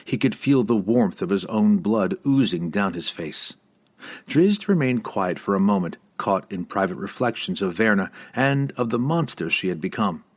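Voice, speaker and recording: A male narrator reads a fantasy novel with a dramatic, expressive delivery. His voice is lowish and a little husky, and it moves lively up and down through each sentence. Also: moderate pace. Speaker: audiobook narrator.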